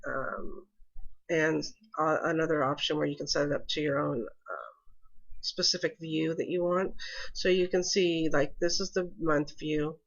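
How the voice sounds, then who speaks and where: A woman's voice: sits low, fairly even intonation, a little slow, gravelly, muffled recording. A congested woman walking through her calendar in a casual screen-recorded tutorial, hesitant and full of ums. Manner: hesitant, many ums and restarts. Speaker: mom explaining her calendar setup.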